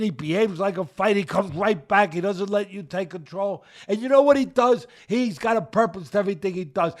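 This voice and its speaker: An older man giving an emphatic, repetitive fight breakdown as co-host, at times dropping to a low mutter. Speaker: boxing analyst co-host.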